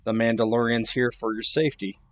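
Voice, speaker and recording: A man voicing a firm, confident male negotiator in a tabletop game, speaking loudly. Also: mid-range voice, flat delivery, fairly quick, lightly acted.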